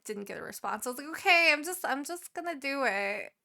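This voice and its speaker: A young woman tells a work story on a casual podcast, acting out each exchange with lively swearing. Her voice sits a bit high and rings bright. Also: fairly quick, vocal fry. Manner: animated, swearing, acts out quotes. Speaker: podcast co-host.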